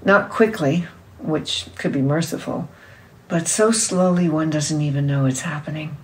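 A woman reading a literary novel aloud in a measured storytelling manner. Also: low-pitched, fairly even intonation, a little mellow, far from the mic, rough recording. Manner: measured storytelling, voicing characters' lines. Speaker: reader.

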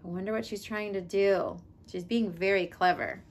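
A woman reading a picture book aloud to children, adding gentle, chatty asides. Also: mid-range voice, animated, moderate pace. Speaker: children's read-aloud host.

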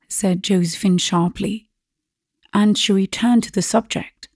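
A woman reads a classic story aloud in a slow, measured audiobook narration. Her voice is gravelly and a little husky, mellow in tone, and recorded dry and close. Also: medium pitch, fairly even intonation, no echo.

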